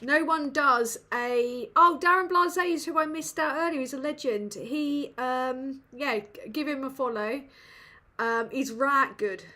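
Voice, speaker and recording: A woman's voice: high voice, measured pace, few pauses, bright, forceful tone. A woman from England, hosting a live Q&A in a sweary, self-mocking, rambling way. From northern England. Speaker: livestream host. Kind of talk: casual live Q&A chat.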